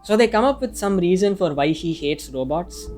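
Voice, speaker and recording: A man's voice: high-pitched, animated, moderate pace. A man reading a casual, opinionated film review, now and then swearing mildly. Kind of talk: scripted review narration. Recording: music playing faintly behind.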